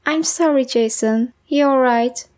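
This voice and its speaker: A woman voicing a young girl with a bright, playful manner. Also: high-pitched, measured pace. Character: young girl, teasing then apologetic.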